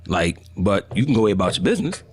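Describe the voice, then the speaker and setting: A man co-hosting a podcast who works with kids at school, talking in a relaxed way with lots of fillers. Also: sits low, fast talker, husky. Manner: relaxed, with many fillers and restarts. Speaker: podcast co-host; teacher. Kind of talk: casual chat.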